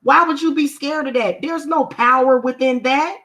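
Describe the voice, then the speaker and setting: High-pitched and fairly bright, her voice moves at a moderate pace. She's a spiritual practitioner doing readings and spellwork, talking casually to viewers on a livestream in an emphatic, confrontational way, repeating herself for stress.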